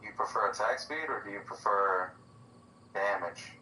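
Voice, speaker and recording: A man chatting casually while playing a video game, venting and ranting in an animated way. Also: fairly low pitch, moderate pace. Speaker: gaming channel co-host. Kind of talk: casual let's-play chat. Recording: roomy, distant from mic, faint background noise.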